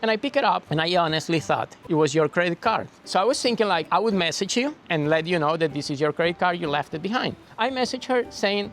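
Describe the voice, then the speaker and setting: A man's voice: high-pitched, expressive, fast, few pauses, fairly bright tone, a little hiss or hum. A young man from Venezuela, earnestly telling his side of how the couple met. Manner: earnest, insistent, laughs easily. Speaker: co-host of couple vlog. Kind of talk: casual storytelling.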